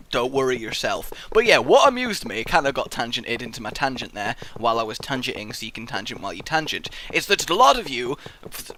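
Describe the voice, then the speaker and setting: A young man hosting a gameplay video, rambling through excitable, goofy commentary and swearing freely. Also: medium pitch. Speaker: let's play host.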